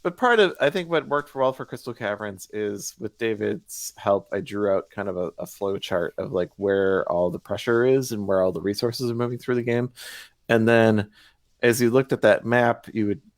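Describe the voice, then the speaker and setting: A man with a low voice, talking through design ideas in a loose, rambling way. He restarts sentences often. The sound is dry and close, with no room echo. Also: normal speed. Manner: rambling, self-correcting, thinking aloud. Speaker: game designer. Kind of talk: livestream Q&A chat.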